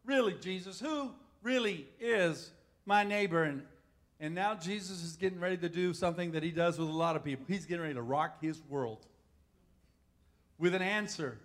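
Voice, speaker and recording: A man preaching a sermon to his congregation in a folksy way, often asking them questions. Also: fairly high pitch. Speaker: pastor.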